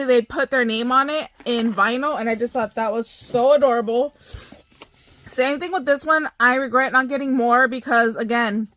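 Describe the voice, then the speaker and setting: A woman's voice: sits high, fairly bright tone. A young American woman chatting casually to her viewers as a craft vlogger, gushing and bubbly. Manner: bubbly, gushing, talks to viewers as you guys. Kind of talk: casual haul chat.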